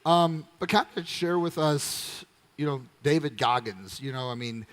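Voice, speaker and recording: A man's voice: on the high side, measured pace, fairly bright tone. A male host talking to a live audience and his guest in a hesitant way, with many fillers. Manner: hesitant, full of fillers, speaks to the crowd. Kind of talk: live interview in front of an audience. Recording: long hall reverb.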